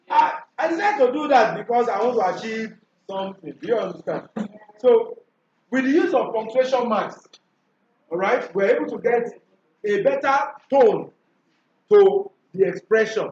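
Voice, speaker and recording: A man's voice: extremely high pitch, expressive, moderate pace, a little mellow, slight background noise. A man teaching a classroom revision lesson, quizzing his students and repeating his questions. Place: school classroom. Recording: echoey classroom from far off, dull and lo-fi.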